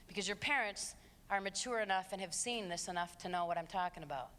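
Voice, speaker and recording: A middle-aged woman giving a live talk to students and parents in an auditorium, emphatic and sarcastic, moving between hushed asides and shouts. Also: mid-range voice. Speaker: speaker addressing students and parents. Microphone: handheld stage mic. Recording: long hall reverb.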